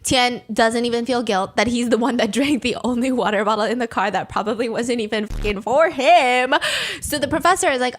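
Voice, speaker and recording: A woman hosting a podcast, recapping a story in a casual, animated and sarcastic way, with the odd swear word. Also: fairly high pitch, moderate pace, faint music behind. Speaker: podcast host.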